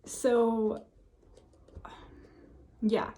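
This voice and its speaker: A woman's voice: fairly high pitch, completely flat delivery, very slow, warm tone, slight background noise. Chatty young woman vlogging. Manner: chatty, many fillers, laughs often. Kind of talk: casual storytelling to camera. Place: home office, indoors.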